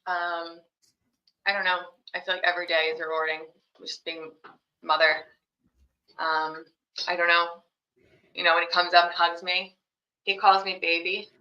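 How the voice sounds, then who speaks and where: Bright-voiced young mother, roomy lo-fi. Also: on the low side, flat delivery, normal speed, pauses often. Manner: rambling, heavy on fillers like "you know" and "like". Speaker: podcast guest, young mother. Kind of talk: casual interview answers. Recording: roomy, dull lo-fi sound.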